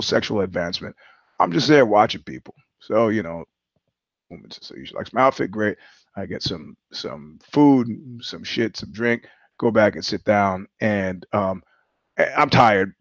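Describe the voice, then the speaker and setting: A low-pitched man hosts a podcast in a rambling storytelling monologue, cursing casually and laughing mid-sentence. The audio is dry and close, with a dull, lo-fi tone. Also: dry recording. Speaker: podcast host.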